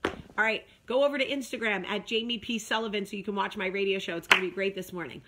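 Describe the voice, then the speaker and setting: A woman's voice: mid-range voice, fairly even intonation, quick pace, heavy background noise. A woman hosting a casual talk video, chatty and emphatic, talking straight to her viewers. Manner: chatty, emphatic, with sung asides. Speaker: vlog host.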